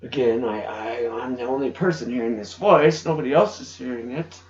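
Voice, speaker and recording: A middle-aged man giving an emotional personal testimony, halting and restarting as he speaks. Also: mid-range voice. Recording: dull roomy home recording.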